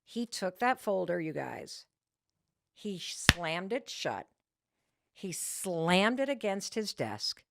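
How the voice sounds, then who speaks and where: Lively, animated woman podcast host. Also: mid-range voice, unhurried, creaky, no room sound, studio quality. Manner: animated and emphatic, with frequent restarts. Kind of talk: motivational storytelling to listeners.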